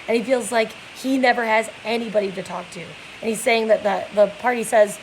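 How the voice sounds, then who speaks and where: A woman's voice: a little high, fairly quick, few pauses, a little hiss or hum, poor audio. A young woman reading a novel aloud and explaining it casually, with many fillers.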